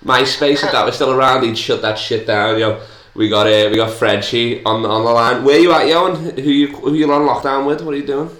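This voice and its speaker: A man's voice: medium pitch, fairly even intonation, a bit bright. Male podcast host, crude joker, echoey room. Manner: crude, joking, fast teasing. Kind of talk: casual comedic podcast banter. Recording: roomy echo.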